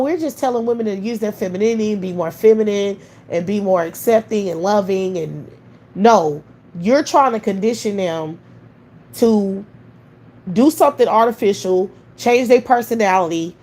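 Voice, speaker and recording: A woman's voice: medium pitch, darkish tone. Heated, profane woman ranting. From United States. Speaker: livestream host. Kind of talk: livestream rant.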